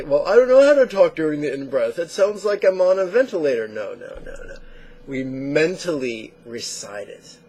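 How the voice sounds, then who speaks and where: Man, meditation teacher, gravelly, animated storyteller. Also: medium pitch, slight background noise. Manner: animated storyteller acting out quotes. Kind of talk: spoken meditation lesson.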